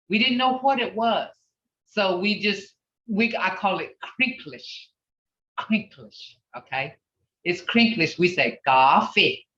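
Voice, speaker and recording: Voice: mid-range voice, sharp tone, distant mic. An older language teacher leading an online class, repeating and drilling words between chatty asides, heard over a video call. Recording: roomy, dull video-call audio.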